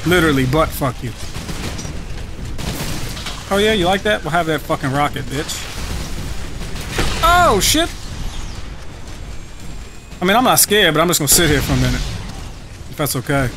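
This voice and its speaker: A young man giving live commentary over his own game match, profane, trash-talking and excitable. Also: on the high side, fairly quick, long pauses, background noise. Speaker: gaming channel host. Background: game music.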